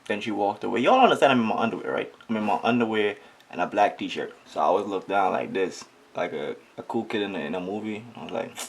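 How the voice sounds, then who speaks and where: A young man with a Trinidadian accent telling a comic storytime story in an animated, exaggerated, joking way. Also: on the low side, fast, vocal fry, a little hiss or hum. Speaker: comedic vlogger. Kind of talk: comedic storytime.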